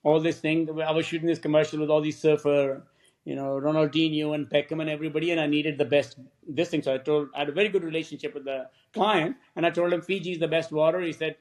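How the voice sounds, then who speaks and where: A man, a film director, telling lively stories in a podcast interview and acting out what other people said. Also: fairly high pitch, quick pace. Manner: animated anecdotes, acts out quoted voices.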